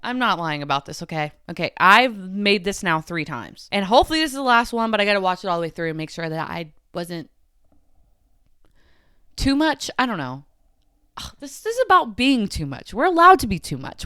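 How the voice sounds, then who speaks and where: A woman's voice: mid-range voice, a bit bright, clear, resonant tone, no room sound, studio quality. A young woman hosting a podcast, talking through something that upset her, repeating herself, her voice rising and falling sharply. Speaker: podcast host. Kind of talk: emotional personal monologue.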